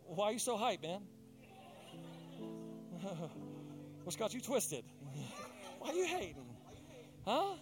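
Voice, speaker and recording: A man voicing God as a calm, fatherly figure who asks probing questions in casual street talk. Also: high voice, takes it slowly, long pauses, music in the background, exaggerated voice.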